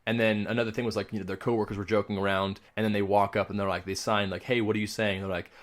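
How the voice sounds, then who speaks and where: A man's voice: on the low side, flat delivery, racing. A young man co-hosting a podcast, telling rambling stories in casual chat, swearing and laughing often. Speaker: podcast co-host.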